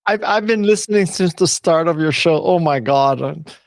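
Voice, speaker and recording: A man speaking as a guest on a podcast, in a slightly raised voice with a warm, joking manner. His words come close and dry. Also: a little high, moderate pace, creaky, no echo. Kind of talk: interview chat.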